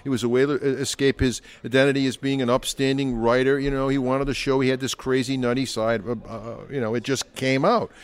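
A man's voice: mid-range voice, flat delivery, fairly quick, hardly any pauses. Older man telling stories as biographer. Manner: anecdotal, slips into quoted voices while telling stories. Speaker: biographer, interview guest. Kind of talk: relaxed interview talk.

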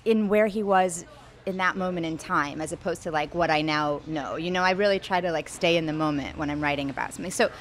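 Young woman author rambling thru an interview, kinda low voice, lots of likes and restarts. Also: quick pace. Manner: rambling, hesitant, filler-heavy with frequent "like". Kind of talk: conversational interview.

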